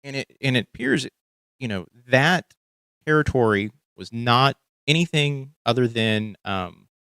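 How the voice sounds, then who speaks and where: A man's voice: medium pitch, expressive, unhurried, fairly bright tone, smooth, no echo. A young man from Texas with a light Texan accent, hosting a casual podcast and talking through news clips with many fillers and restarts. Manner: rambling, thinking aloud with many fillers. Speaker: podcast host.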